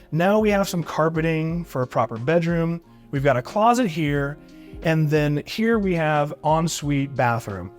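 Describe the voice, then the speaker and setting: Upbeat man touring a luxury house. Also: on the high side. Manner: upbeat, enthusiastic, repeats "really neat" and "beautiful". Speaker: real estate agent giving a home tour. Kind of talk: walkthrough home tour vlog. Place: inside a large house, walking room to room.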